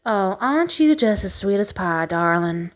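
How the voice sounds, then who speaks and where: A woman's voice: medium pitch, animated, moderate pace, natural voice. Velvety Cajun demon bat sorceress, languid and purring; woman reader doing the voice. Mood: sultry. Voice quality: smooth, velvety. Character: sultry hellborn bat enchantress woman.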